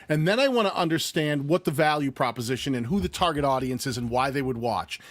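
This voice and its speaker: A man co-hosting a live-stream channel review game show, playful and lively, thinking aloud as he reads. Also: medium pitch, fast talker, dry recording. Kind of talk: casual live-stream banter and channel critique.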